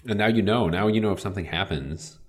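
A man's voice: lowish voice, quick pace. A man chatting casually as a podcast co-host, making dry, wry remarks. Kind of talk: casual chat.

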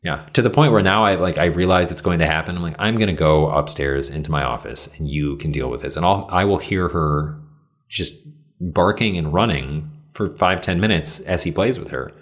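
A man's voice: deep voice, moderate pace. A man hosting a casual conversation, telling reflective, easygoing stories.

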